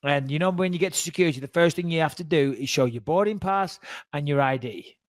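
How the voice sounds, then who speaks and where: Man, 40s, casual podcast storytelling, acts out quotes, higher voice, dry close sound. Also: fast talker, no echo. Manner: animated, acts out quoted dialogue. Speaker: podcast guest telling a story.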